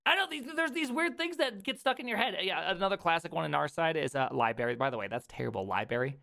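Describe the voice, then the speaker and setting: A man's voice: high voice, lively intonation, gravelly, pushed and bright. A man from South Dakota hosting a casual chat, teasing his guest and laughing often. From South Dakota, US Midwest. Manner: joking, quick laughs, teasing. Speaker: podcast host.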